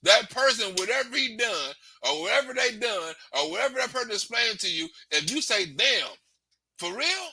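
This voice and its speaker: A man rambles through comic stories in a loose, casual stand-up manner, laughing as he goes and jumping into the voices of the people he quotes. His voice sits high and sounds very bright and sharp, and the recording is dry and close with no room sound. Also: animated, a little fast, few pauses, slightly rough, no echo. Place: Hollywood.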